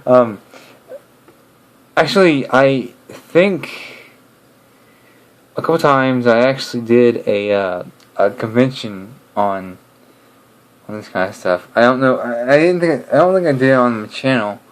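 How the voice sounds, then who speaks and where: A young man chatting casually to camera, rambling and hesitant, with many pauses and restarts. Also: mid-range voice, rough recording. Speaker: video creator.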